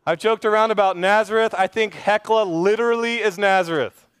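A male pastor preaching a sermon in an earnest, conversational way, with quick asides and repeated phrases. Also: sits high, steady tone, a bit bright, clean tone, no room sound. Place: church stage.

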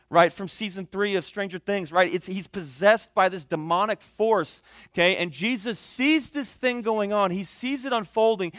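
A man preaching a sermon as a pastor, talking in an animated, conversational way with joking asides to his listeners. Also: high-pitched, no echo, studio quality.

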